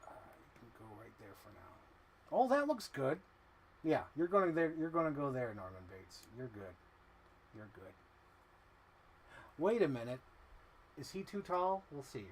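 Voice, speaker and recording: A man's voice: on the high side, a little hiss or hum. A man casually chatting on a live stream, rambling and talking to himself while he arranges things.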